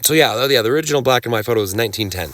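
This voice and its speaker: Here a cannabis rights lecturer, male, talks from his slides with a mid-range, slightly bright voice and lively intonation, recorded dry. His delivery is casual and rambling, broken by halting restarts, sarcastic remarks, coughs and throat clearing.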